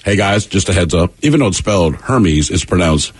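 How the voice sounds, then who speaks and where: A man's voice: sits low, lively intonation, quick pace, breathy edge. A man hosting a radio show in casual banter, joking and laughing easily.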